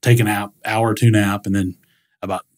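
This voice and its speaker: A man's voice: fairly low pitch, little pitch movement, fairly quick. A middle-aged man telling stories in a casual interview, rambling with many fillers and acting out quoted dialogue. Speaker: guest, industrial leasing director.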